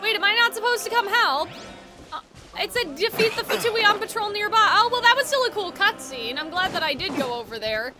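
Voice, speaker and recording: Very high-voiced rambling woman streamer. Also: expressive, brisk. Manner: rambling, swears freely, laughs at her own jokes. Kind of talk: casual game commentary. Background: game music.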